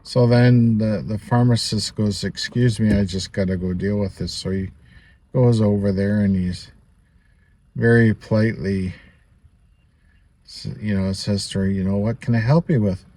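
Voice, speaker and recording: Low-voiced man telling a rambling story. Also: fairly even intonation, moderate pace, mellow. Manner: rambling, chatty, peppered with "you know" and little laughs. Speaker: vlogger. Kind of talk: casual storytelling monologue.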